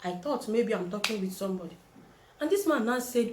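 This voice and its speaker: A young Nigerian woman with a Nigerian accent tells a personal story in a vlog, speaking briskly at medium pitch. She is animated and acts out the voices of the people she quotes, with slight background noise.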